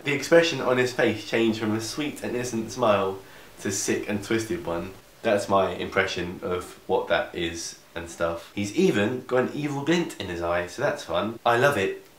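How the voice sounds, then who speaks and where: A young male vlogger with a lowish voice reads fan fiction aloud for laughs in a reverberant room of a house. He keeps interrupting himself with sarcastic asides.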